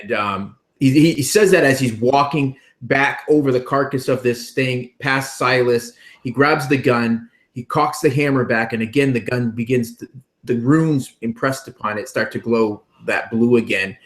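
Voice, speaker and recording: Male player, mid-pitched, haltingly narrates his character, echoey room. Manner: halting, with many fillers.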